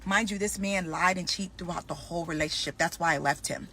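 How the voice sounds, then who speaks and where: A young adult woman telling a storytime about her dating life, animated and acting out both sides of the conversation. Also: on the low side, fairly quick, a little hiss or hum. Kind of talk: storytime vlog.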